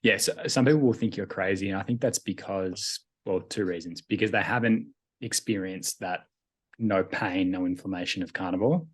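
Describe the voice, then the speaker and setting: A man with a low voice hosts a podcast conversation. He responds in an easy, reflective way, agreeing with his guest and adding his own view. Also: normal speed, slightly rough. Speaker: podcast host. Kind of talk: casual podcast chat.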